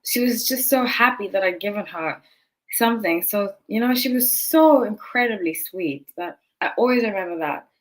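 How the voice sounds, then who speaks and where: A woman's voice: medium pitch, animated, moderate pace, low-quality recording. A woman hosting a tarot channel, telling a personal story to camera in a casual, rambling way, full of asides and self-corrections. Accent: non-local accent noticed by others.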